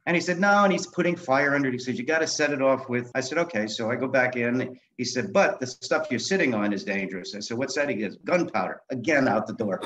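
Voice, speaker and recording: A man's voice: mid-range voice, fast talker, hardly any pauses, a little hiss or hum. A man in his sixties, an author and director, telling stories in a podcast interview and acting out the dialogue. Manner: animated anecdotes, acting out quoted dialogue. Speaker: guest, author and film director. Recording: dull lo-fi sound.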